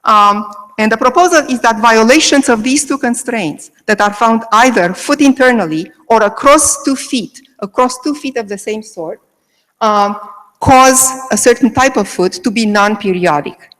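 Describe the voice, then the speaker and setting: A woman's voice: on the high side, normal speed, fairly bright tone, in a large hall, poor audio. A woman giving an academic lecture, explaining step by step and checking in with frequent "okay"s. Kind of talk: academic lecture on Greek meter. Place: lecture delivered to a remote audience.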